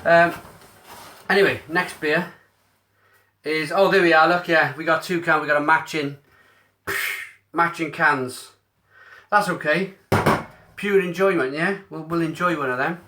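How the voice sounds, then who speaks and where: A man's voice: on the high side, steady tone, a little slow, long pauses, pushed and bright. A man hosting a casual live-stream unboxing, chatty and upbeat, answering viewers' comments aloud into his mobile phone. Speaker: beer reviewer streaming live. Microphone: mobile phone camera.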